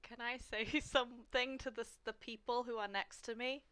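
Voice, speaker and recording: A woman's voice: a little high, steady tone, moderate pace, fairly bright tone, clear, resonant tone. A woman playing in a tabletop game, chatting in a playful, giggly way. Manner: giggly and playful, often laughing. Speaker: player. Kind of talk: casual tabletop game chat.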